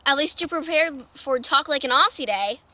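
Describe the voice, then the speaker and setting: A woman's voice: high-pitched, normal speed, no room sound. A woman acting a dry, sarcastic office employee in a comedic audio drama. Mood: sardonic. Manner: deadpan, sarcastic.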